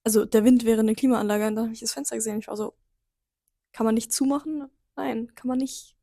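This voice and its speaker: A woman's voice: on the high side, fast, gravelly, dry recording, studio quality. A young woman from Germany vlogging casually from a cold hostel room, complaining and using slang. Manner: complaining, relaxed, uses slang. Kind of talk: casual vlog talk to camera.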